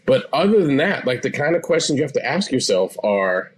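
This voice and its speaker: A man in his forties, a therapist guest, explaining things in a calm, assured way. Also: mid-range voice, fairly quick, a little hiss or hum. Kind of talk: interview answers.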